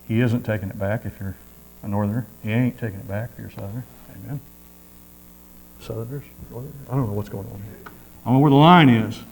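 A man's voice: mid-range voice, a little mellow, rough recording. A man preaching a sermon in a folksy, repetitive way, with frequent amens.

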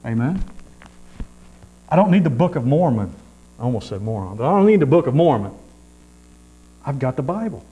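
A man's voice: medium pitch, big pitch swings, normal speed, long pauses, dark tone, slightly rough, low-quality recording. A man preaching a sermon in a folksy, repetitive way, with frequent amens.

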